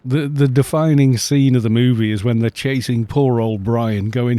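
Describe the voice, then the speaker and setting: Chatty man, mellow voice. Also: medium pitch, fairly even intonation, moderate pace, no echo. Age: middle-aged. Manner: chatty and rambling, laughs often. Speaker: game streamer. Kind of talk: casual chat on a live stream.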